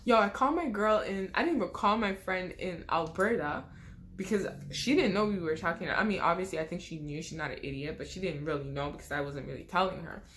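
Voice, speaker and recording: Animated young woman telling a story. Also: fairly low pitch, a little fast, slight background noise. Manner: animated, expressive storytelling with slang. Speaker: vlogger. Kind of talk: casual storytime.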